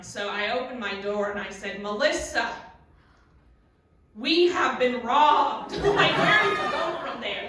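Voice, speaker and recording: A young adult woman from Maryland performing a stand-up comedy set, telling a story with big shouted punchlines. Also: medium pitch, slight background noise. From Maryland, USA. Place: comedy club stage. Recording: echoey club from a distant mic.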